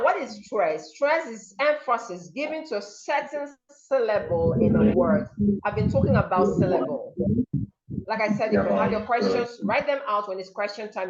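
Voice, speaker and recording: A woman's voice: medium pitch, highs cut off. A woman teaching a pronunciation seminar, saying example words over and over to model the stress. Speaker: diction teacher.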